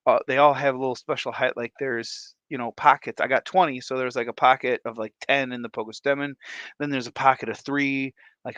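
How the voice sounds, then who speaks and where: A man hosting a casual livestream, excitable and laughing often as he greets viewers by name. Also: medium pitch, clean tone, no room sound, dull audio. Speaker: livestream host.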